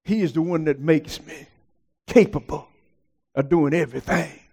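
A man preaching a sermon as pastor, climbing into high shouted peaks and calling out to the congregation. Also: moderate pace, slightly rough.

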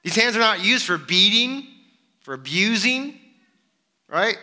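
A man preaching a sermon, animated and full of rhetorical questions. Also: high-pitched, unhurried. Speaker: pastor.

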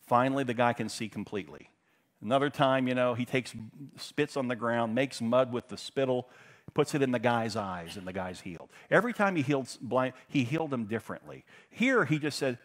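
A middle-aged man preaching a sermon, telling stories in a conversational way and swinging from loud emphasis to hushed, intense passages. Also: medium pitch, brisk. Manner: conversational storytelling with fillers. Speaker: pastor.

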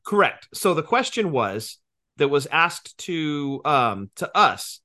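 A man's voice: fairly high pitch, very animated, slow, sharp tone. A man in his forties co-hosting a podcast, joking and profane in casual banter, explaining things at length. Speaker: podcast co-host.

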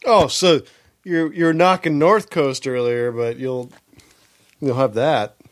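A man co-hosting a podcast, chatting casually and joking, acting out customers in quick bits. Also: medium pitch, fairly even intonation, dry recording. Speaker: podcast co-host. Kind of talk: casual chat.

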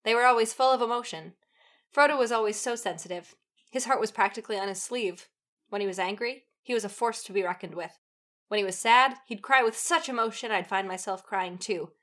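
On a comedy podcast, a woman co-host reads fan fiction aloud with dramatic flair, giggling often and breaking into laughter and off-key singing. Her voice sits in the mid range, fairly quick and a bit bright.

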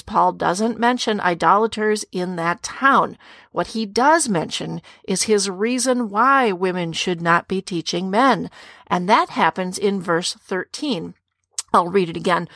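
A woman's voice: medium pitch, fairly bright tone, no echo. Earnest woman teaching scripture, dry sound. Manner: earnest, direct address to women listeners, rhetorical questions. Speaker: podcast co-host teaching on scripture. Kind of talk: scripted Bible teaching podcast.

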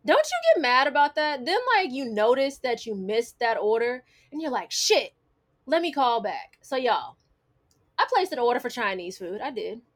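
A woman's voice: fairly high pitch, big pitch swings, normal speed. A woman co-hosting a casual chat, teasing and playful as she tells stories. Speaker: podcast co-host.

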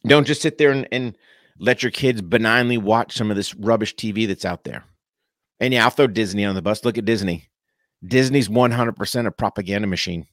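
A political commentator delivers an impassioned, preachy monologue straight to his viewers, punching key words with sudden pitch jumps and dropping into casual slang. His voice is a bit bright, with clean studio sound and no echo.

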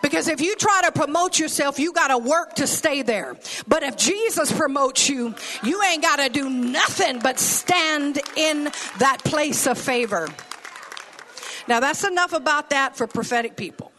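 A woman's voice: sits high, lively intonation, measured pace, pushed and bright, slight background noise. A woman preaching a sermon with folksy phrasing and laughing asides.

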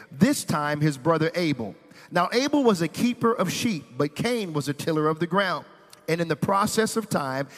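A man's voice: fairly high pitch, big-room sound. A man preaching a sermon as pastor, reading scripture and building intensity with playful asides. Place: church sanctuary.

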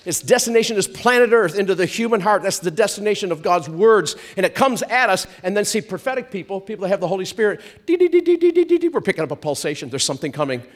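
A man preaching a sermon, stretching out words for emphasis and drawing responses from the congregation. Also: high-pitched. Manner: animated, drawn-out emphatic preaching with call-and-response. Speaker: pastor.

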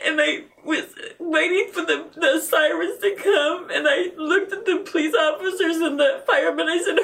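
A middle-aged woman telling an emotional personal account in a halting way, with many restarts, as an interview guest. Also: high voice, fairly bright tone, recorded from a distance. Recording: voice set back from the mic.

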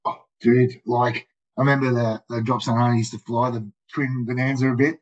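An Australian man telling rambling, profane skydiving stories in casual, animated talk, full of "mate" and "dude". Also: medium pitch, a little fast. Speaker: guest, skydiver. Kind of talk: casual storytelling. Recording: muffled lo-fi audio.

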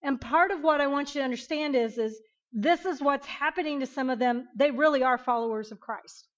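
A woman teaching an interactive Bible lesson, emphatic and animated, questioning her class. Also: sits high, brisk, lo-fi sound.

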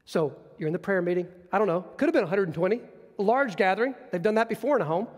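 A man preaching a sermon, teaching from scripture in an animated storytelling manner. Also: high voice, fast talker, long reverb tail. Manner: animated, storytelling, acts out scenes.

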